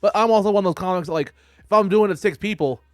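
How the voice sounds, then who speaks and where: A man's voice: sits high, no echo, studio quality. A man guesting on a podcast as a stand-up comic, talking casually with swearing and laughs. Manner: quick, animated, profane.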